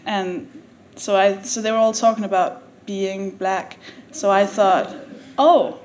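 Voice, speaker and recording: A woman's voice: mid-range voice, level tone, darkish tone, slight background noise. A woman comedian from Denmark telling a funny story on stage, laughing often and acting out what people said. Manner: laughing often, quick asides, acts out quotes. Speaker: comedian guest. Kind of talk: comic storytelling on a live podcast. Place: theatre with a live audience. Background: audience laughter.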